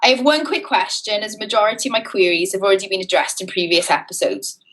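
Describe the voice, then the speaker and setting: A woman's voice: medium pitch, fast, fairly bright tone, close to an everyday voice. A woman reading a male listener's letter in a subdued put-on Welsh accent, in a polite read-aloud manner. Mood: reading politely.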